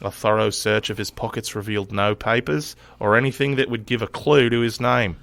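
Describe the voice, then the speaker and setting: A man's voice: lowish voice, fairly even intonation, fairly quick, gravelly, no echo. A man reading an old newspaper report aloud in an exaggerated put-on Australian accent. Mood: hammy. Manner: exaggerated, loud, hammy reading.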